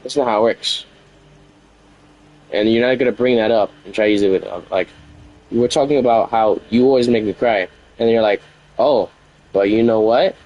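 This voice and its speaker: A man with a fairly low voice vents to his stream about a fight, circling back over the same points. He sounds aggrieved and keeps repeating himself as he rambles. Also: brisk, dull audio. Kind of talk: venting to stream about a relationship argument.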